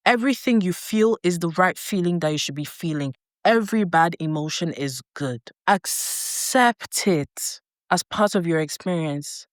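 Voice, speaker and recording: Earnest woman with a low voice. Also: a little slow, few pauses, no echo, clean studio sound. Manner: earnest, intense, repeats herself for emphasis, self-talk asides. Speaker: life coach and vlogger. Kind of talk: motivational talk to camera.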